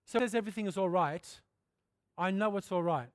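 A middle-aged man preaching a sermon in a candid, conversational way, often clearing his throat. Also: high voice, a little fast, dry recording, clean studio sound. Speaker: pastor.

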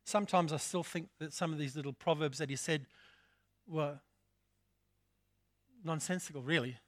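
A man's voice: fairly high pitch, moderate pace. An older man from England preaching a sermon, telling stories and repeating phrases for emphasis.

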